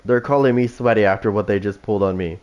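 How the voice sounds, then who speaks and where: A man's voice: on the low side, fast, a little mellow, muffled recording. A man streaming a game live, commentating with brash, foul-mouthed trash talk. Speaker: streamer playing a killer.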